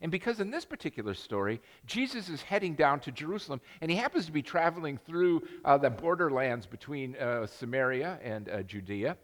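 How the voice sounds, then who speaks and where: In a church sanctuary with long hall reverb, an older male pastor delivers a sermon, his pitch swinging animatedly up and down. He talks a little fast with hardly any pauses, rambling through a story, restarting sentences, and joking at his own expense.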